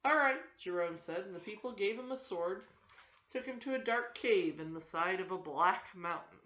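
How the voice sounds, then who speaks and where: An older woman reading a children's story aloud for her grandchildren, gentle and steady, in a roomy, slightly dull home recording. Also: on the low side, moderate pace.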